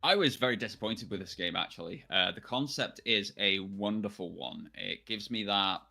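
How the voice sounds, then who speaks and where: A man's voice: on the low side, normal speed, creaky, pushed and bright, soft background music. A British man co-hosting a casual video game reaction chat, giving blunt, outspoken opinions. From United Kingdom. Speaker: co-host.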